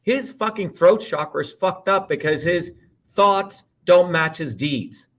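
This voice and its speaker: A man talks as a guest in a heated political interview, with a fairly high voice. He rants hard, swears freely and hammers points home with repeated rhetorical questions. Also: expressive, a little slow, fairly bright tone. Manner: emphatic, profane ranting with repeated rhetorical questions.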